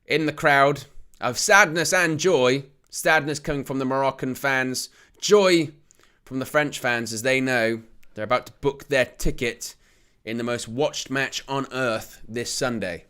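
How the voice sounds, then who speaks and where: A young man giving live football watch-along commentary as a channel host, calm between plays and rising to excited shouts at near misses. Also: mid-range voice, slow, clear, resonant tone.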